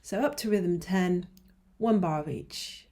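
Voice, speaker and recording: A woman's voice: fairly low pitch, slow, warm tone. A woman teaching an online ukulele lesson, patiently explaining rhythms and counting beats aloud. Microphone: mic close by, teacher moves nearer. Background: ukulele strumming.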